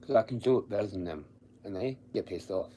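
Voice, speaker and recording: Blunt, swearing Australian man, dark voice. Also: on the low side, fast, slight background noise. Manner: blunt, swears constantly, laughs at his own stories. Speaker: livestreamer. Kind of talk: casual rambling livestream chat. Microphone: streaming from home with the camera off.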